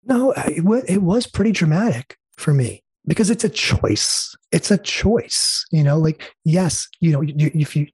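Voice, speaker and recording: Earnest man with a mellow, husky voice. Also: fairly high pitch, animated, a little slow, few pauses, no room sound. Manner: earnest, heartfelt, with many fillers and restarts. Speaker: interview guest. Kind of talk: conversational storytelling.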